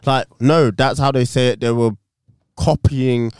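A man's voice: mid-range voice, fairly even intonation, a little slow, darkish tone, clean tone, dry recording, clean studio sound. A man co-hosting a podcast in casual chat, blunt and opinionated, swearing freely. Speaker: podcast co-host.

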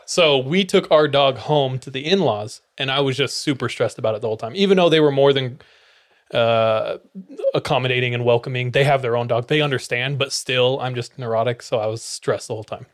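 A young man hosts a podcast and tells a personal story in loose, casual chat. His voice sits at an ordinary middle pitch. He laughs through his own lines and swears freely. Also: brisk. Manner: laughs often while telling. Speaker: podcast host.

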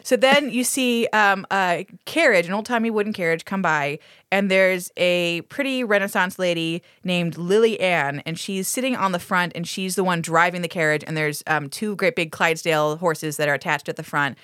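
A woman's voice: on the low side, normal speed, fairly bright tone, clean tone, no room sound, studio quality. Laughing, sweary woman podcast host. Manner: laughing, sweary, acts out characters' lines in funny voices. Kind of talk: casual chat recapping a TV episode.

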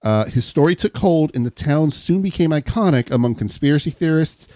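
A man's voice: on the high side, brisk, no echo. A man hosting a podcast, reading a story from a script between banter with friends. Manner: steady storyteller, laughs often.

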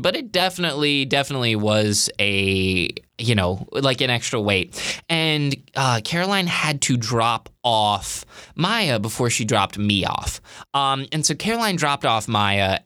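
A man's voice: mid-range voice, pushed and bright, no echo, studio quality. A young man casually telling a personal story, chatty and filler-heavy, animatedly quoting himself.

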